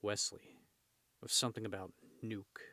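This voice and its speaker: A man with a fairly low voice reads a comic book aloud in a dry, close room. He breaks off often to joke about the panels, and from time to time he shouts out the characters' lines. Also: little pitch movement, moderate pace, no room sound. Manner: shifts into loud shouted character voices for dialogue. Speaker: host reading comics aloud. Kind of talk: casual comic read-along with commentary.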